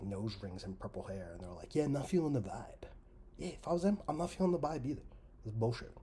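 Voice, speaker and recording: A man rants with profane, sarcastic energy, jumping from loud outbursts to muttered asides. His voice sits a bit low and sounds dark and mellow. A faint hum of ambience runs underneath. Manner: swears constantly, sarcastic, swings between shouting and muttering. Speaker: commentary show host. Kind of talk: profane comedic rant.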